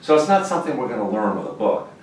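A man's voice: fairly low pitch, racing, slight background noise. Man teaching guitar, heard from afar. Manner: folksy, lively, bursts into exclamations. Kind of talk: informal guitar lesson. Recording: roomy sound from a distant mic.

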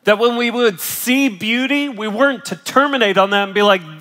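Strained, emphatic pastor in a big hall. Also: male voice, high-pitched, moderate pace, few pauses. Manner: emphatic, rising to loud bursts, coughing and clearing throat between phrases. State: in pain, voice strained. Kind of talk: sermon. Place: large church auditorium. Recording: large hall reverb.

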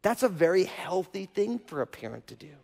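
A male pastor preaches a sermon in a casual, conversational way in a church auditorium, frequently checking in with the audience by asking "right?". His voice is high, creaky, and darkish in tone, very animated and a little fast, and the recording carries the long reverb of a church hall.

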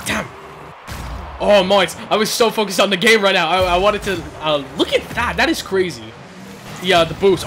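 A young gaming YouTuber with a high-sitting voice gives live commentary over his own gameplay, with a little hiss or hum in the audio. He gets excitable, repeating words in quick bursts and yelling when things get tense.

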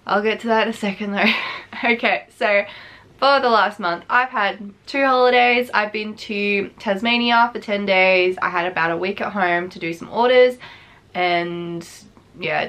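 A woman's voice: mid-range voice, a bit bright. Young woman, craft vlogger, short of breath, chatty and rambling, casual to-camera talk. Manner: chatty, rambling, laughs often.

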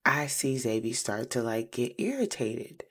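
A young woman, telling a personal story on her podcast in an animated way, slowing to hushed asides. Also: very deep voice. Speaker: podcast host.

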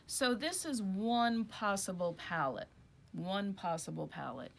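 A woman's voice: mid-range voice, lively intonation, unhurried, gravelly. Chatty woman teaching a craft demonstration. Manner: chatty, thinking aloud while handling wool. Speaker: rug hooking instructor.

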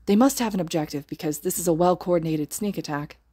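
A woman's voice: lowish voice, fast, dark tone, no echo, studio quality, close to an everyday voice. A woman voicing an earnest, analytical teenage boy in a podfic reading.

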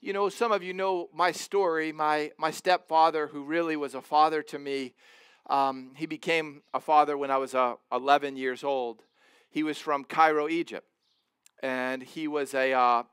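A man's voice: fairly high pitch, fairly even intonation, normal speed, a bit bright, smooth, no room sound, studio quality. A man in his forties preaching a sermon as pastor, earnest and emphatic, often repeating words and restarting.

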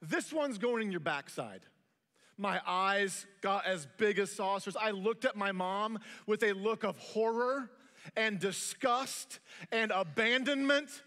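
Bright, high-voiced pastor in an echoing hall. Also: male voice, slow pace. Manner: humorous storytelling. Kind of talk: sermon.

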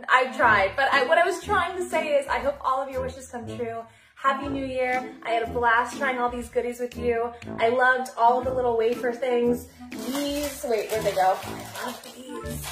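Giggly high-voiced woman tasting snacks. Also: echoey room. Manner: chatty, giggly, talks with her mouth full. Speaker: snack taster. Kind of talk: casual snack review vlog.

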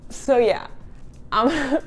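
A young woman making candied grapes in a casual cooking vlog, nervous and excited, laughing often and filling her talk with "like". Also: sits high, slow, husky, soft background music. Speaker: food vlogger.

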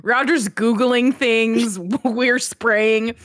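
A woman's voice: on the high side, steady tone, extremely slow, no echo, clean studio sound. A woman on a podcast, telling a story casually with frequent laughter. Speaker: podcast regular.

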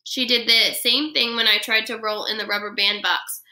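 A woman reads a children's chapter book aloud in an expressive storytelling manner, as a first grade teacher would. Her voice is fairly high and very bright. She keeps the narration lively and clear. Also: normal speed.

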